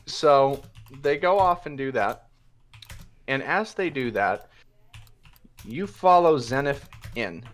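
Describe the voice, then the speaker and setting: A man's voice: mid-range voice, lively intonation, slow pace, long pauses. A man narrating a tabletop game as game master, telling the scene in a loose, hesitant way with many fillers.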